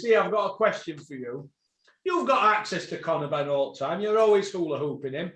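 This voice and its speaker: A man hosting a boxing podcast, ranting, swearing and bursting into shouts. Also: sits high, animated, fairly quick, roomy sound.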